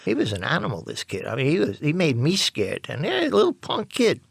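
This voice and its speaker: An older man tells his past in a rambling, profane, halting way. His voice is rough and gravelly. He sounds close and dry, with no room at all. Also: fairly high pitch, wildly swooping pitch, dry recording. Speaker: interviewee. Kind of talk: personal storytelling.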